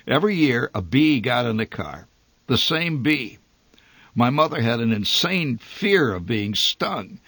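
A man reading a humorous memoir story aloud, with a wry, dry and lively delivery. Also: medium pitch, a little slow, creaky, husky, no room sound. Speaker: narrator.

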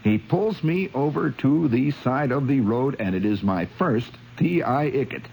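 A man from Indiana telling a long story, animated and chuckling, with frequent asides to the listener. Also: medium pitch, a little slow, creaky, a little hiss or hum, rough recording. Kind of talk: spoken storytelling monologue.

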